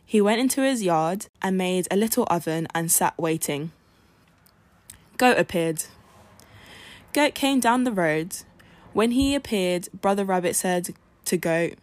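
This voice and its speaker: A woman hosting a podcast, narrating a folk tale in a clear, measured storytelling manner. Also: mid-range voice, no echo. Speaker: podcast host.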